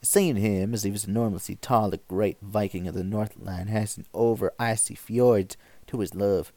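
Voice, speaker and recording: A man reading old stories aloud with measured, even narration. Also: lowish voice, no room sound. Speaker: story reader.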